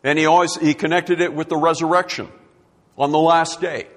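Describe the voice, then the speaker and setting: A man's voice: fairly high pitch, little pitch movement, fairly quick, big-room sound. A man preaching a sermon, emphatic and repeating his key words for effect.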